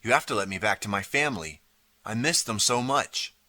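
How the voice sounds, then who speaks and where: A man's voice: on the low side, expressive, fairly quick, bright, forceful tone, dry recording, pitched above the performer's own voice. A man voicing a desperate, eager boy who keeps pleading to be believed. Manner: pleading, earnest.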